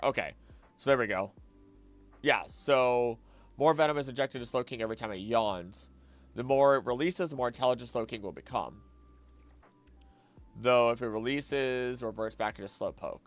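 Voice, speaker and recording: Man, streamer, casual chat, thinking out loud, mid-range voice, faint music behind. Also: mid-range voice, brisk. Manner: thinking aloud, answering chat questions. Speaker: streamer and voice actor.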